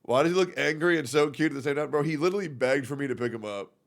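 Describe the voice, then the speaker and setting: A young man with a gravelly, slightly high voice, live-streaming from his room at home. He chats loosely with viewers and curses often. He also drops into soft, cooing baby talk with his pet. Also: very fast. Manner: casual, swears freely, coos in soft baby talk to his cat. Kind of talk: casual live-stream chat.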